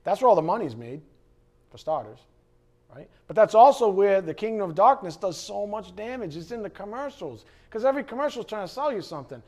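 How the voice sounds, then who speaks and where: A middle-aged man preaching a sermon in an animated, conversational way, with frequent asides to the congregation. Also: high-pitched, fairly quick. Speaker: pastor.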